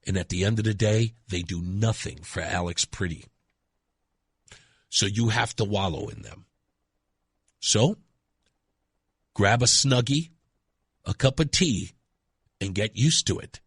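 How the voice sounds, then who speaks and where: A man's voice: lowish voice, unhurried, pauses often, a bit bright, breathy edge, no room sound, studio quality. A man hosting a radio talk show, delivering an emphatic monologue and repeating words for effect.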